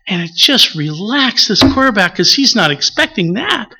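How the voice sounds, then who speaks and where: A man from the preaching a relaxed, conversational sermon, often pausing with filler words and acting out little stories. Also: sits high, creaky, breathy edge, rough recording. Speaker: pastor.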